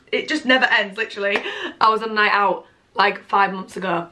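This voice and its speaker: A woman, gushing excitedly through a casual gift haul at home and swearing freely. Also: medium pitch, brisk. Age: 20s. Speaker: vlogger.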